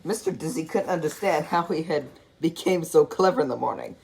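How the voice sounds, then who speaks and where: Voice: medium pitch, a little fast, gravelly, a little mellow, slight background noise, rough recording. A reader giving a casual storybook read-along, giggling often and stumbling over words.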